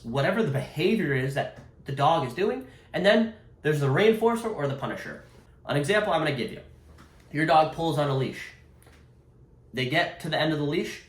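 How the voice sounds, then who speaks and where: A man's voice: fairly high pitch, reverberant. A man, a dog trainer, giving a direct, emphatic lesson to camera and repeating his key points. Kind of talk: instructional talk to camera.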